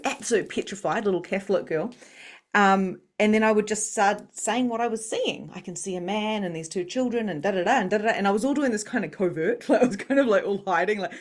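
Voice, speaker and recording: A middle-aged woman, an interview guest, tells her story in an animated way, acting out the voices she quotes and laughing often. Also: medium pitch, quick pace. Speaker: psychic medium and coach, interview guest.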